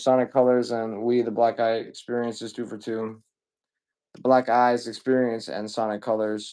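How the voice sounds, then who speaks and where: A man's voice: fairly low pitch, a little mellow. Loose, profane man selling games live. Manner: loose and profane, greets viewers rapid-fire. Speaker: live-stream seller of video games. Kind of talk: casual live-selling chat.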